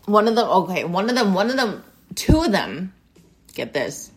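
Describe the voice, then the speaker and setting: A woman talks alone on her podcast in a loose, jokey ramble, cursing freely as she jumps from topic to topic. Her voice sits at an ordinary middle pitch, and she keeps breaking off to give shout-outs to her listeners. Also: sing-song, moderate pace, slightly rough. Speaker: podcast host. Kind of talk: casual monologue.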